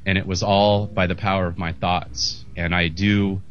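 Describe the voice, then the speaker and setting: Deep-voiced middle-aged man, earnest host. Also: little pitch movement, normal speed, fairly bright tone, a little hiss or hum. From United States. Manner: candid, emotional, rambling with restarts. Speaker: podcast host. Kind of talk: earnest interview talk. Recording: muffled lo-fi audio.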